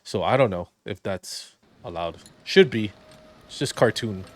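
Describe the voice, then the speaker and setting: A man's voice: fairly low pitch, animated, a little slow, slight background noise. A man doing casual, crude, joking commentary while playing a video game. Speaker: gameplay streamer.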